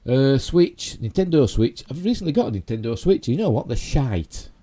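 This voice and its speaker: A man's voice: medium pitch, big pitch swings, moderate pace, warm tone. A middle-aged man with a Yorkshire accent, hosting a casual live stream and rambling chattily with self-mocking asides. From Yorkshire, England. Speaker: YouTube host.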